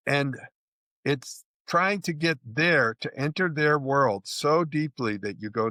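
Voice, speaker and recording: A man's voice: fairly high pitch, expressive, slow pace, bright, forceful tone, no echo. A man working as a relationship coach, explaining ideas earnestly in a podcast interview and acting out the little dialogues he describes.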